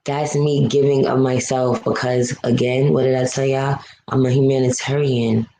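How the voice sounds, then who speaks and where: A low, mellow-voiced woman talks straight to her live-stream viewers, blunt and emotional, cursing freely and stretching out the words she stresses. Her voice rings in a roomy echo over a faint hiss. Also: little pitch movement, normal speed. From New York City.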